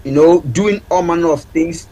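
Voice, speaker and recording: A man's voice: on the high side, normal speed, warm tone, husky, rough recording. A man, a parenting counselor and guest on a TV talk show, speaking earnestly and repeating his key points for emphasis. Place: TV studio.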